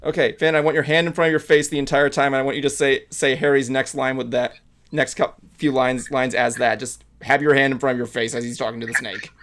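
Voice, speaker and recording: A man's voice: mid-range voice, level tone, quick pace, fairly bright tone. A man hosting a casual podcast, narrating a script read with lots of fillers and laughs. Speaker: podcast host.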